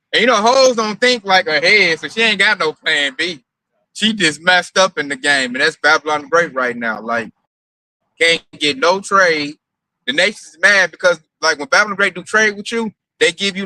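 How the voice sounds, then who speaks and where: A man's voice: high-pitched, bright, forceful tone, no room sound, rough recording. A man preaching in a casual, emphatic and profane way, mocking his targets as he talks.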